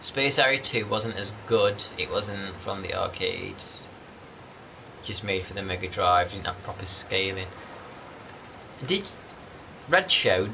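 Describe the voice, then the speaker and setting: A man's voice: low voice, gravelly, pushed and bright, a little hiss or hum. A man chatting casually over gameplay as a channel host, rambling and greeting viewers by name.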